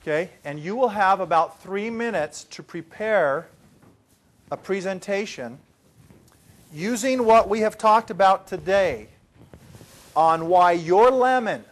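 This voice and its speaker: A man leading a presentation-skills training session, telling a story to a group with animated swings from hushed to loud. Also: sits high, slow pace, pauses often.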